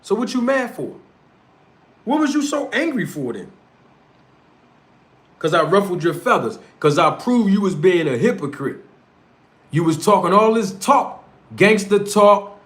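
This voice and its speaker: A man's voice: high-pitched, lively intonation, unhurried, long pauses, a bit bright. Fiery North Philly man ranting. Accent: North Philadelphia. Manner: confrontational, street slang, repetitive jabs. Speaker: streamer and show host. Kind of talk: heated livestream rant.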